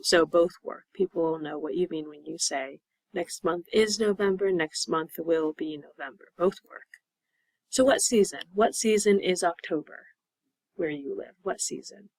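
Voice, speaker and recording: Patient woman teaching English slowly. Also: fairly low pitch, a little mellow, no room sound, low-quality recording. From Pennsylvania. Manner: patient, drawn-out repetition of words. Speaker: ESL teacher. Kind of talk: slow, clear classroom explanation.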